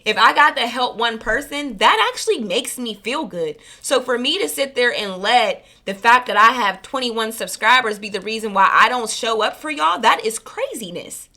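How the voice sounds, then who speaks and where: Talking from the heart to her viewers, this spiritual reader and channel host wanders and corrects herself as she goes. Her slightly high, expressive voice has a sharp tone and runs at normal speed with few pauses.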